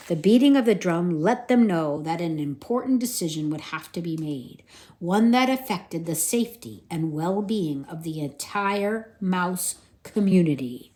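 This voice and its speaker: A woman reading a children's storybook aloud to her kids in an expressive way. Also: lowish voice, measured pace, a little hiss or hum.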